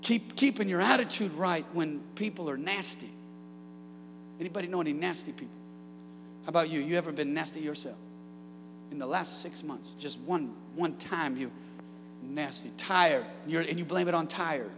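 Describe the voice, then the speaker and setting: A man preaching a sermon as pastor, energetic with humorous asides and building to shouted peaks. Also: a little high, moderate pace, long reverb tail, noisy background. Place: church sanctuary.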